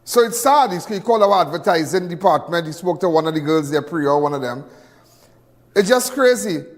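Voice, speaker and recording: A man's voice: a little high, expressive, brisk, big-room sound. A man hosting a live crime show, delivering angry, repetitive commentary full of stumbling restarts.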